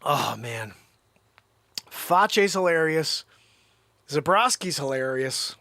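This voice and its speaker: A man hosting a livestream, riffing an improvised comedy rant to his chat, animated and jumping between put-on voices and whispers. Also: on the high side, moderate pace, no room sound, clean studio sound. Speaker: livestream host.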